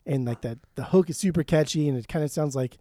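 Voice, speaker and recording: A man co-hosting a casual podcast chats with real enthusiasm, swearing a lot and now and then breaking into snatches of song. His voice is fairly high and dark-toned, his pace quick, and there's no echo.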